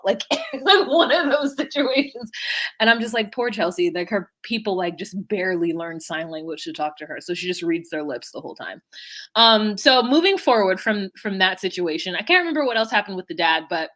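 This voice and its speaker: A young woman co-hosting a podcast, recapping a reality show in animated, blunt casual chat and acting out what people said. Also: mid-range voice, a little fast. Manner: animated, blunt and swearing, acts out quotes. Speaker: podcast co-host.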